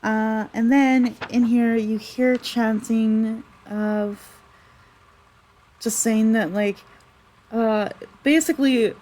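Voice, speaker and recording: A woman's voice: a little high, fairly even intonation, slow pace, mellow, poor audio. Chatty woman running a tabletop game. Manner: chatty, rambling, with many fillers and self-corrections. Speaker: game master. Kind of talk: narrating a tabletop game on a stream.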